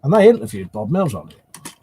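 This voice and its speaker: A man's voice: fairly high pitch, wildly swooping pitch, brisk, warm tone, husky. A man hosting a casual live stream, rambling and swearing as he answers chat.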